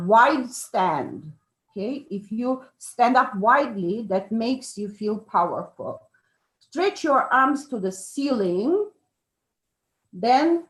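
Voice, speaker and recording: A woman explains things slowly and carefully. She often pauses, uses fillers and corrects herself mid-phrase. Her voice carries a roomy echo. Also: on the high side. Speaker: speaker on charisma. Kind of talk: informal talk with a participant. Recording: echoey room.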